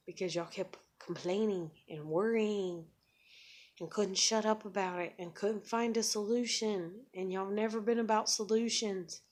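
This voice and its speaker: A woman ranting profanely in a casual venting monologue. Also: mid-range voice.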